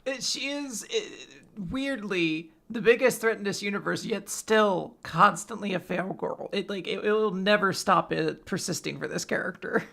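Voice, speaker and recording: Gravelly bright-voiced podcast co-host. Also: male voice, high-pitched, normal speed, few pauses. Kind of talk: casual manga recap chat.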